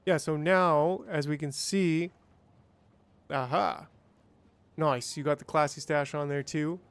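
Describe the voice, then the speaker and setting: A man's voice: a little high, fairly even intonation, slow, clear, resonant tone. A man streaming a game, chatting casually and thinking aloud, with playful sound effects. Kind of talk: casual gameplay livestream chat.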